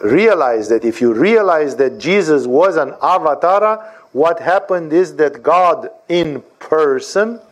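A man giving an animated lecture on scripture, often asking rhetorical questions and checking for agreement. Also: on the high side. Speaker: spiritual teacher.

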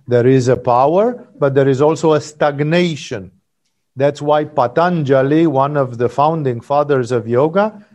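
A man's voice: on the high side, a little mellow. A man giving a satsang talk as a spiritual teacher, telling a story in a rambling, digressive way and checking in with "no?" and "you know".

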